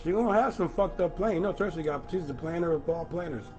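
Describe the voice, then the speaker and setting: A man telling profane stories in animated casual banter. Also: a little high, fast, muffled recording, faint music behind. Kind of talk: casual banter while gaming.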